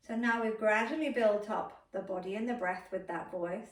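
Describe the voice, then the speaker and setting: A woman voice coach talks listeners through a vocal warm-up in a calm, encouraging way. Her voice sits at an ordinary pitch for a woman. It comes from a little away from the mic in a room with a lot of echo. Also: moderate pace, few pauses, far from the mic. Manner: calm, encouraging instruction with spoken demonstrations. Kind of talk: guided vocal warm-up lesson. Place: indoor room. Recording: echoey room, voice a bit off-mic.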